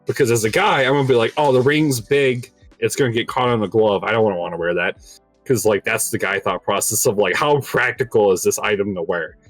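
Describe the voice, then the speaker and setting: A man's voice: fairly low pitch, brisk, no room sound, faint music behind. A young man casually telling a long story on a podcast, rambling with lots of filler words and laughing at his own tale. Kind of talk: casual chat.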